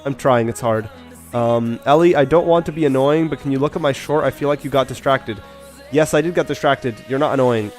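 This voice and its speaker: Male game streamer, mid-pitched, rapid chatty delivery, soft music bed underneath. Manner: fast-talking, chatty, self-deprecating. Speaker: live streamer. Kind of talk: casual live-stream chat. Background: faint background beats.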